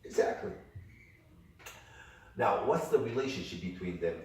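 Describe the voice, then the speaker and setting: An older man teaching a music workshop, talking in an animated way and demonstrating rhythms with sung syllables. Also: on the low side, measured pace. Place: indoor workshop room. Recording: echoey room from far off, faint noise.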